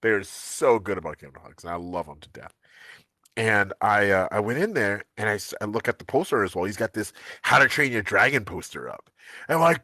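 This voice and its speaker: Lively, bright-voiced man telling stories. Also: on the low side, normal speed, no room sound. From United States. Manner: animated storytelling, laughs often. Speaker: co-host. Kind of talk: casual live-stream chat.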